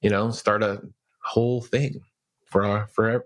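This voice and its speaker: A man hosts a podcast interview in a casual, affirming way. His voice sits somewhat low, and his talk is relaxed and conversational. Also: measured pace. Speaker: podcast host.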